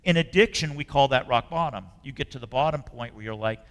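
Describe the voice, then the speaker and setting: A man preaching a sermon as a spiritual leader. He talks in an earnest, conversational way and often lets phrases trail off softly. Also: medium pitch, fairly quick. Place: church sanctuary. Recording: long reverb of a hall.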